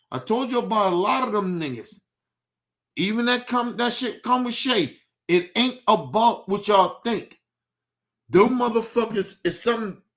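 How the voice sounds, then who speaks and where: A man's voice: high voice, a bit bright. A young man on a livestream, ranting heatedly and profanely, repeating himself as he vents. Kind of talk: livestream rant.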